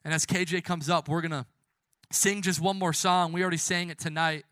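A man preaching a sermon as a youth pastor and closing in prayer. His delivery is impassioned, swinging from soft hushed lines to loud emphatic ones, with casual self-correcting asides. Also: a little high, fairly even intonation, brisk, dry recording, clean studio sound.

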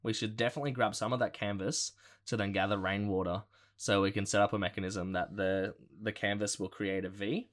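A man co-hosting a podcast, chatting casually and excitedly, laughing often and using lots of fillers. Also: lowish voice, a little fast. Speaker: podcast co-host. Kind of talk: casual chat.

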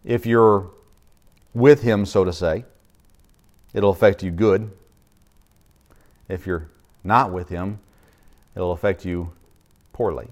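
A man's voice: deep voice, steady tone, slow, pauses often, muffled recording. A middle-aged man, a pastor, preaching a sermon in a conversational way, with frequent fillers and restarts.

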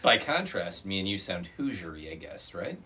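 A man co-hosts a casual podcast and makes dry, joking comments. His voice is bright and clear. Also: deep voice, big pitch swings, moderate pace. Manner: wry, joking. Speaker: podcast co-host.

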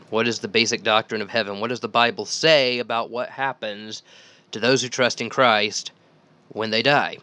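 Man, podcast host, bright crisp voice, earnest conversational bible teaching. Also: fairly low pitch, fairly even intonation, moderate pace. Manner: earnest, conversational, with restarts and repeated phrases; reads scripture aloud.

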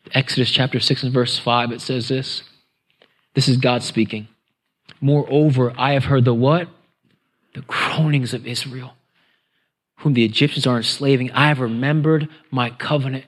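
A man's voice: medium pitch, a little slow. A middle-aged male pastor preaching in a conversational style, dropping to whispers and groans for emphasis. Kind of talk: sermon.

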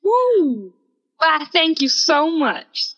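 A woman playing a tabletop game, playful and animated. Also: high-pitched, drawn-out words. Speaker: player. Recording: dull sound with hall reverb.

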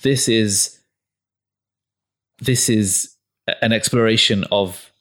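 Fairly low-voiced man in a casual chat. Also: slow pace, a bit bright. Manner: opinionated, sarcastic asides, frequent ums. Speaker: podcast host.

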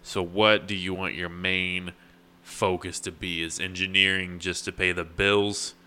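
Deep-voiced man, dry teasing host. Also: flat delivery, unhurried, bright, forceful tone, clear, resonant tone. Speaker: podcast host. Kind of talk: casual chat.

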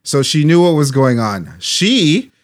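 Animated storytelling man. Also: fairly high pitch, unhurried. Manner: animated storyteller, swearing, laughing. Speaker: podcast co-host. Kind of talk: casual chat.

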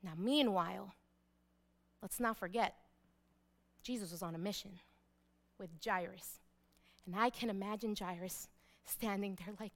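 A woman pastor preaching a sermon, emphatic, repeating key phrases and dropping to a hush for weight. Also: medium pitch, a little slow, long pauses.

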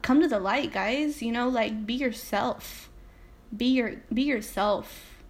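Young woman from salinas, talking right at the listeners, kinda high voice, cusses a lot, all fired up about self-love. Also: slow. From Salinas, California. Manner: emphatic, swears freely, speaks directly to listeners. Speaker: podcast host. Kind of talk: casual motivational podcast monologue.

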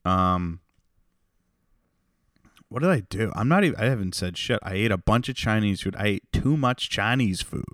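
A young man hosting a solo comedy podcast, ranting in an unhinged way that swings from creepy whispers to loud outbursts. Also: on the low side, animated, normal speed, pauses often, no echo, studio quality. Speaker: podcast host.

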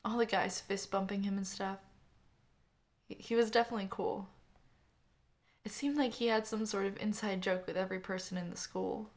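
A woman narrator voicing a grieving young woman who gives a halting, tearful eulogy for her brother. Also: mid-range voice, steady tone, natural voice. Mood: reminiscing.

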